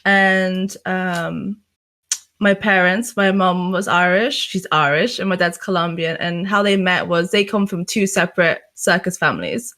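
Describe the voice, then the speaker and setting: Chatty bright-voiced young woman. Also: lowish voice, measured pace. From England. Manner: chatty and candid, laughs often, swears freely. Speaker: interview guest, streamer. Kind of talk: casual chat.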